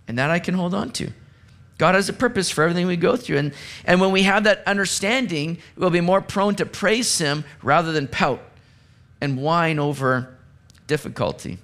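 Animated high-voiced male pastor. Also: normal speed. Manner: animated, acts out quoted voices with sudden pitch jumps. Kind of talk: sermon. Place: church sanctuary.

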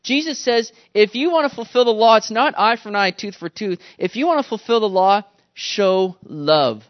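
A man's voice: sits high, moderate pace, muffled recording. A man preaching a sermon, telling stories with animation and acting out the quotes. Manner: animated storytelling, acts out quotes. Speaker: pastor.

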